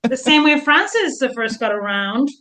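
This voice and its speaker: A woman's voice: sits high, big pitch swings, normal speed, fairly bright tone. A woman co-hosting a history podcast in casual chat, telling stories and acting out historical figures in voices.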